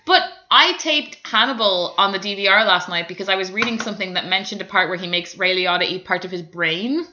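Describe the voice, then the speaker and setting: A woman's voice: mid-range voice, fairly quick, bright, forceful tone, a little hiss or hum. A woman co-hosting a podcast in casual chat, swearing and laughing often. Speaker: podcast co-host. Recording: lo-fi podcast recording.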